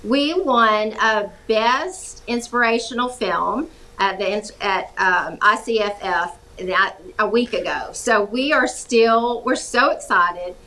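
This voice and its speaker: Bright cheerful Georgia-accented woman. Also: a little high, slow pace, low-quality recording. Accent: Southern US, Georgia. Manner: animated and cheerful, laughs easily. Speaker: actress guest. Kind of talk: casual talk-show interview.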